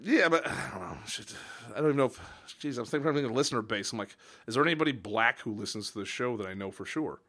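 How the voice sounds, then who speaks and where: A young man co-hosting a podcast, rambling and animated in casual chat. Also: mid-range voice, quick pace. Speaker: podcast co-host.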